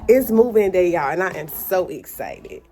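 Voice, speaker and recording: A woman's voice: on the low side, moderate pace. Chatty woman vlogging. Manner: chatty, excitable, addresses viewers as y'all, honey and child. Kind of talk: casual vlog talk to camera. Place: hotel room.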